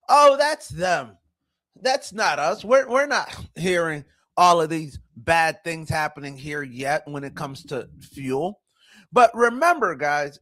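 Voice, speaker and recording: A man hosting a casual commentary show, talking in an animated way, with rhetorical questions and mocking voices. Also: sits high. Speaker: show host.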